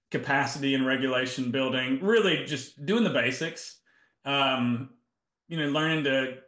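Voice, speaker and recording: Man, health coach, animated storyteller, bright tone, echoey room. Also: medium pitch. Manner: animated, acts out both sides of conversations. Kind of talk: casual storytelling interview.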